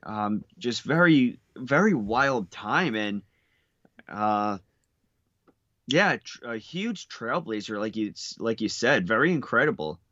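A man's voice: medium pitch, expressive, takes it slowly, a bit bright, dry recording, dull audio. A man co-hosting a podcast in casual chat, talking hesitantly with many restarts. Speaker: podcast co-host.

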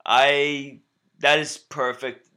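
A man's voice: medium pitch, flat delivery, extremely slow, sharp tone, smooth. A man co-hosting a wrestling podcast, chatting casually and enthusiastically, often restarting his sentences. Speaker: podcast co-host.

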